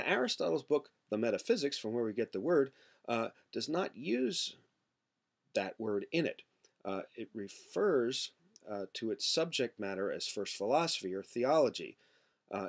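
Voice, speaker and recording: Man lecturing with rhetorical questions. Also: on the low side. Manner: explains with rhetorical questions and fillers. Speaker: philosophy lecturer. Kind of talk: classroom lecture.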